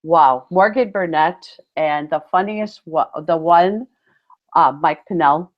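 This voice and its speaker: A woman with a fairly low voice co-hosts a relaxed chat, telling stories with lively, excited exclamations. Her audio sounds dull and lo-fi, as if the highs were cut away. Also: slow. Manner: animated storyteller, acts out quotes with big exclamations. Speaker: podcast co-host, PE teacher. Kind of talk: casual chat. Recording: muffled lo-fi audio.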